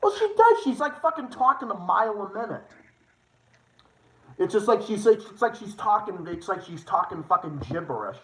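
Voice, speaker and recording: A young man hosting a casual livestream, excitable and rambling, swearing often with quick restarts. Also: sits high. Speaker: livestream host. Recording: echoey room, faint noise.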